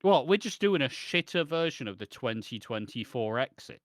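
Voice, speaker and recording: A man's voice: mid-range voice, big pitch swings, normal speed, dry recording, studio quality. A man with a British accent, co-hosting a podcast in casual chat, sarcastic and full of swearing and mocking impressions. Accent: British English. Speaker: podcast co-host.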